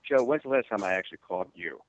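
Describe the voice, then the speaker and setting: Fast-talking man on a tinny line. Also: sits low, lively intonation. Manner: teasing, blunt. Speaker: podcast host. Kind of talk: casual chat. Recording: phone-like line.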